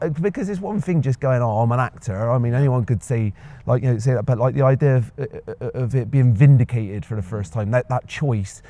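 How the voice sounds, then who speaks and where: Warm-voiced Bristolian actor, halting. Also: male voice, mid-range voice, lively intonation. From Bristol, England. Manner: hesitant, many fillers and restarts. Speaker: actor, interview guest. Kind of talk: reflective casual conversation.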